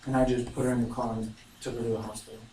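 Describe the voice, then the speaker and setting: A man's voice: mid-range voice, little pitch movement, rapid-fire, dark tone. A young man giving an earnest, emotional narrative speech, telling a personal story. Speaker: student speaker. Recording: echoey room, mic far off, faint noise.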